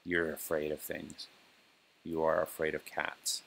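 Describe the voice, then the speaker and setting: A man casually walking through a software demo and speaking commands to an on-screen robot, with plenty of ums and uhs. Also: very deep voice, a little slow, vocal fry, slight background noise. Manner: relaxed, filler-heavy, talks plainly to a robot program. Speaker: developer demonstrating software.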